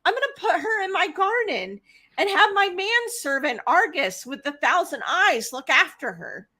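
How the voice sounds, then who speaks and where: A woman's voice: very animated, normal speed, pushed and bright, heavily acted. A woman doing sugary jealous queen goddess. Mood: mock sweet. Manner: sugary high mock delight.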